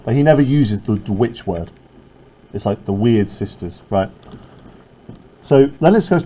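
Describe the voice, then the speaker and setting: A man's voice: medium pitch, expressive, a little slow, long pauses, mellow, rough recording. A male teacher leading a classroom literature lesson, talking conversationally and often checking in with "right?".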